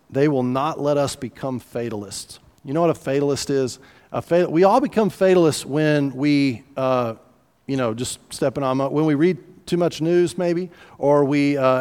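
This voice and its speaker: A man's voice: on the high side, a little mellow, clear, resonant tone, big-room sound. A man preaching a sermon in a conversational, folksy way, with asides and restarts. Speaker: pastor.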